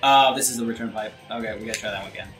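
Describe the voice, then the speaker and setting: A man's voice: lowish voice, very fast, fairly bright tone. A man casually chatting while playing a video game, laid-back and chuckling. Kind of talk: casual gaming chat. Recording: roomy with game music behind.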